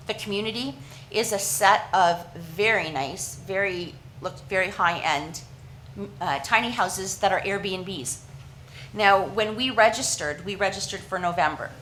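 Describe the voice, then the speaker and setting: A woman from Canada giving an earnest, halting presentation at a council meeting, with frequent restarts and fillers. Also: mid-range voice, a bit bright, slight background noise, low-quality recording.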